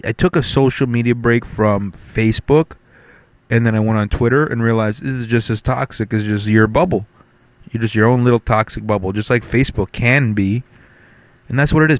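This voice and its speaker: Young man, podcast host, solo rant, profane and blunt, lowish voice, dry close mic. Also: no echo.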